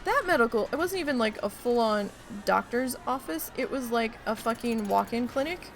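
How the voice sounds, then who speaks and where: Gravelly woman ranting while gaming. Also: on the high side, normal speed, slight background noise. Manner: swearing, animated retelling, exasperated. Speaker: streamer playing a park-building game. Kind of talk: casual storytelling while gaming.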